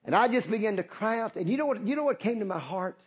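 A man's voice: high-pitched, expressive, quick pace, slightly rough, dull audio. A middle-aged man, preaching a sermon as pastor, impassioned and repetitive, calling out to the congregation.

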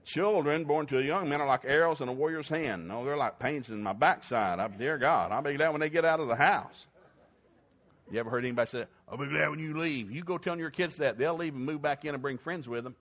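A middle-aged man preaching a sermon, folksy and joking, swinging between loud whoops and quiet talk. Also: a little high, a little fast. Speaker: pastor.

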